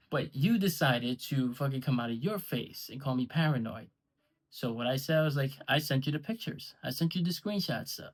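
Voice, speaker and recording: A man delivering a confrontational, sarcastic and profane callout rant to the camera about a league he runs. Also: on the high side. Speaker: online league owner.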